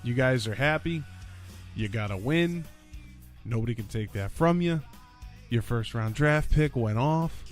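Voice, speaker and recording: A man hosting a casual solo sports podcast, talking in an animated, rambling way and repeating lines for emphasis. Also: medium pitch, unhurried, pauses often, soft background music. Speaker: podcast host. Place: lives in Orlando.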